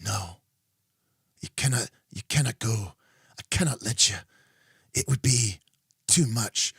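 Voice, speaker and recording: A man mimicking a hushed, serious male fantasy hero as whispered role-play, with a solemn, halting mock-dramatic delivery. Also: medium pitch, vocal fry, slightly rough, no room sound, studio quality, full character voice.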